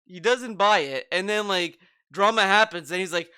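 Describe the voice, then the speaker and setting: A man's voice: high voice, normal speed, bright, forceful tone, clean tone, no room sound. A man hosting a reaction commentary video, ranting in a mocking, profane way about a streamer.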